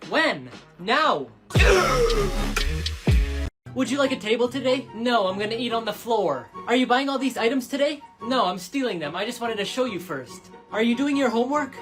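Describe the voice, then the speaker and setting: A woman performing quick comedy skits, delivering deadpan punchlines. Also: fairly high pitch. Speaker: skit comedian.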